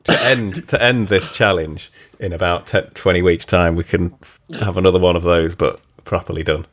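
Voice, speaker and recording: A man's voice: low-pitched, fairly even intonation, normal speed, fairly bright tone. Laid-back man chatting. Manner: self-deprecating, laughs often. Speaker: podcast co-host. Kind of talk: casual chat.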